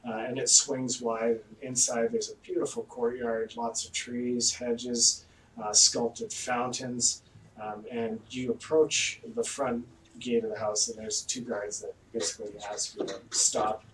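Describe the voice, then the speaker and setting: A man's voice: mid-range voice, level tone, a little slow, a bit bright. A man narrating a tabletop game as game master, in a casual manner with fillers. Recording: echoey room, distant mic, faint noise.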